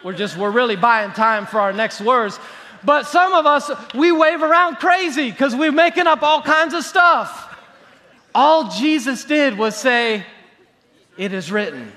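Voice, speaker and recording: A man preaching a sermon from a church stage, lively and sometimes mocking showy prayer habits. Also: very high voice, measured pace. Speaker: pastor. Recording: reverberant hall.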